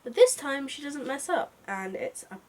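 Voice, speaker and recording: A young woman chats about a book she loves in a casual review, bubbling with asides. Her voice sits a little high and sounds somewhat distant from the microphone. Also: moderate pace. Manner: chatty and excitable, with frequent asides. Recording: voice a bit far from mic.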